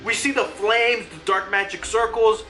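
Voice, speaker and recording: A young adult manga reviewer giving excited, casual commentary. They swear freely and laugh often. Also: mid-range voice, moderate pace, soft background music.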